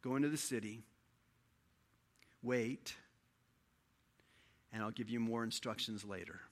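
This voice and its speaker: A man voicing a patient male divine voice that speaks quietly, gently and without hurry. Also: mid-range voice, measured pace, voice pushed down, close to an everyday voice. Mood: gentle.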